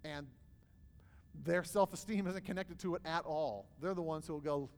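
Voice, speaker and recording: A man talking through a live class, his voice smooth and resonant as it rings through a reverberant hall. He leads with loose, chatty storytelling full of ums and uhs, pitched a little high for a man. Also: normal speed. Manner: casual storytelling with many fillers. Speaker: workshop presenter. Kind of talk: live class talk to an audience.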